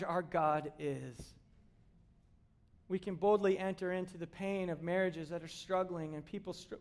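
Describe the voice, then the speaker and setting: A middle-aged male pastor delivering a sermon with a notably high-pitched voice. He preaches in an animated, emphatic way, building his points through repeated exclamations.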